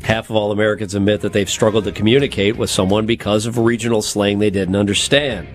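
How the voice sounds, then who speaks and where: Speaking quickly with a fairly low, even-toned voice, this co-host of a comedy podcast reads survey results aloud over soft music. He jokes throughout, putting on silly voices and laughing.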